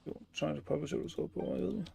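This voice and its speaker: A man's voice: on the high side, racing, gravelly, a little mellow, faint music behind. A man giving casual gameplay commentary, sarcastic and swearing freely as he plays. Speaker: gaming streamer.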